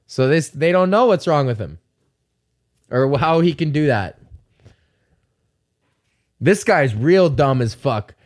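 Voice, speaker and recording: A man's voice: on the high side, lively intonation, slow pace, pauses often. A man with a Canadian accent hosting a casual solo podcast, rambling and joking with lots of swearing and filler words. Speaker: podcast host.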